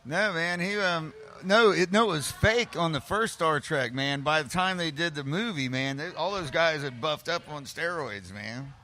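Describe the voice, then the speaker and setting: A man's voice: on the high side, normal speed, few pauses, bright, forceful tone. A man with an American accent in casual podcast chat, laid-back, ending lines with "man". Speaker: podcast co-host.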